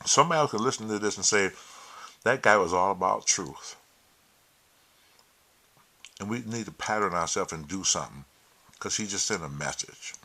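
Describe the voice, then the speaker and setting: A man vlogging a casual monologue to camera, preachy and emphatic with plenty of swearing, who gets loud and heated when retelling stories. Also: low-pitched, animated, moderate pace, pauses often.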